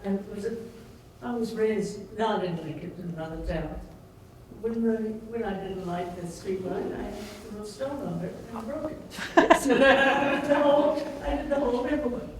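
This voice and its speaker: A woman in the audience telling a story in a slow, halting, amused way. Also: medium pitch, darkish tone, slight background noise. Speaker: audience member. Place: town meeting hall. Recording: distant echoey hall.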